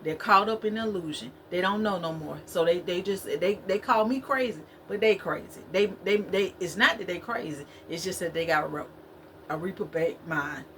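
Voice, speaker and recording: A woman's voice: lowish voice, moderate pace, a bit bright, slight background noise. A woman giving a spiritual talk to her viewers, preachy and repetitive, in a conversational way. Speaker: spiritual vlogger.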